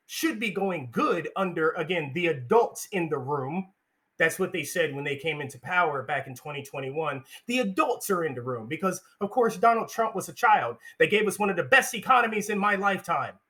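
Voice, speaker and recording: A man's voice: sits high, pushed and bright. A young man hosting a solo political commentary, ranting in a heated, indignant and sarcastic way.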